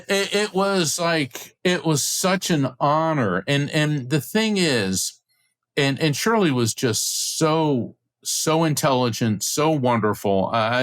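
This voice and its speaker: A middle-aged man, a guest on an interview podcast, telling a story with excitement and acting out the voices of the people in it. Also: mid-range voice. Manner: acts out quoted voices, excited retelling. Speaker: podcast guest, psychic medium.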